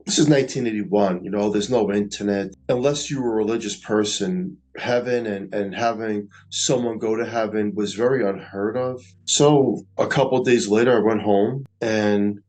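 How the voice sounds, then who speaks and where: A middle-aged man, earnestly recounting a personal experience in a slow, reflective way. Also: fairly low pitch, a little mellow, soft background music, rough recording. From Staten Island, New York. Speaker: near-death experiencer. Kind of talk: personal storytelling.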